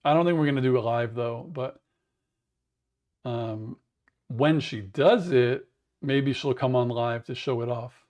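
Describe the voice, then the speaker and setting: A man with a raspy voice, chatting in a rambling way to viewers on a livestream from home, humming to fill the wait. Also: medium pitch, a little slow, pauses often, darkish tone. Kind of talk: casual livestream chat. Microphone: wearable mic.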